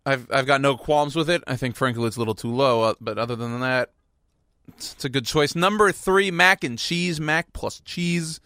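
A man's voice: medium pitch, normal speed, pushed and bright, dry recording. A man hosting a radio show, chatting casually in a rambling, playful, self-mocking way at a studio microphone.

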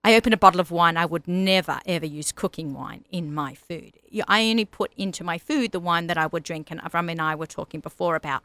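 Woman, Australian accent, middle-aged, radio host, chatty, laughs often, crisp bright tone, dry. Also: lowish voice, fast talker, hardly any pauses, dry recording. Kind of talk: casual chat.

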